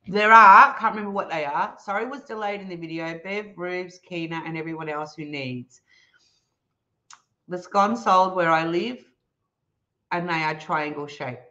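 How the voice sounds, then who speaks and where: An Australian woman talks through a casual live stream, teasing her viewers and laughing often. Her voice is bright and sharp. The stream audio sounds somewhat dull and lo-fi. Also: on the low side, moderate pace. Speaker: livestream host reading chat.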